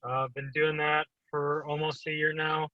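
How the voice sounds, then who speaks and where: A man's voice: fairly high pitch, little pitch movement, normal speed, no room sound. A man firefighter introducing himself in an easygoing, enthusiastic way in an online class. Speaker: firefighter student. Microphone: video call. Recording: dry, muffled video-call audio.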